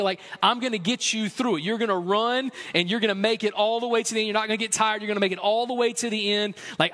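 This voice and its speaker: A man preaching a sermon in a casual, conversational way, sometimes building into lively, excited storytelling. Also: sits high, big-room sound. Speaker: pastor.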